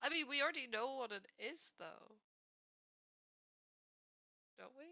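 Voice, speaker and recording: Excitable woman gamer swearing casually, bright highish voice, dry sound. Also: a little slow, no echo. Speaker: player. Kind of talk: casual tabletop game chat.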